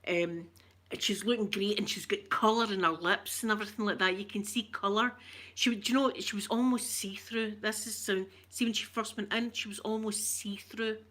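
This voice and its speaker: Scottish woman, rambling chatty storytelling, emotional, bright sharp tone. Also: medium pitch, steady tone, moderate pace. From Scotland. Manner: greets live chat viewers. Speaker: vlogger talking to viewers. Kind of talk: casual storytelling chat.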